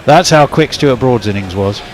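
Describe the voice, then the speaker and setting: A man commentating on cricket ball by ball, chatty and correcting himself as he goes. His pitch is middling, and clear background noise runs under his voice. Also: lively intonation, moderate pace. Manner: chatty, checks himself aloud.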